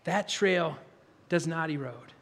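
A man's voice: fairly high pitch, slow pace. A man preaching a sermon, telling stories earnestly and with animation, then leading a prayer. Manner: earnest, animated storyteller with stammered restarts. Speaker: pastor. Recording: long reverb of a large hall.

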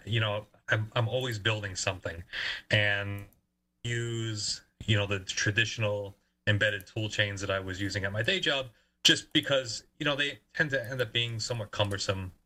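A man's voice: on the low side, sharp tone, low-quality recording. A man who works as an engineer, answering interview questions in a casual, enthusiastic way. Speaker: guest engineer.

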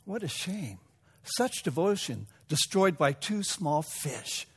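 A man voicing a wise old male philosopher who speaks calmly and quietly. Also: a little high, normal speed. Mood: dry.

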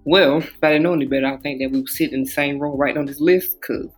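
A man co-hosting a podcast, chatting in a relaxed, easygoing way and cracking jokes. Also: on the high side, fast, soft background music. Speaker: podcast co-host. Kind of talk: casual chat.

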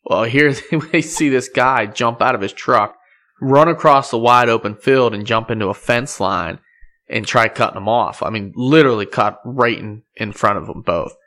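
A man's voice: mid-range voice, normal speed, sharp tone. A man, a podcast host chatting casually and laughing often. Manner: laughs often, friendly commentary. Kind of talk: casual chat.

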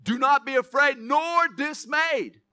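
A young man preaches a sermon in a high, bright voice. He mixes loud, emphatic exhortation with self-mocking asides, moving fast between the two. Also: no echo, clean studio sound. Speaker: pastor.

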